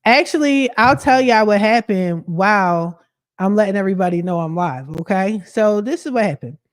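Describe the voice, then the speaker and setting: A woman livestreams from her living room and tells a story in a loose, animated way while she multitasks. Her voice sits at a middle pitch for a woman. The sound is dry and close, with no room echo. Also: moderate pace. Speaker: credit expert livestreaming.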